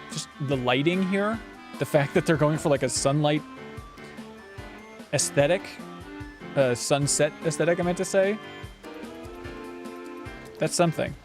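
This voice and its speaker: A man casually commentating a game livestream with joking, rambling asides. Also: on the high side. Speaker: game streamer.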